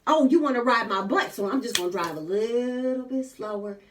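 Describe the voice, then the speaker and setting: A woman voicing a furious passenger yelling at other drivers, scolding in rapid-fire outrage. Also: medium pitch, distant mic, noisy background, pitched above the performer's own voice, natural voice.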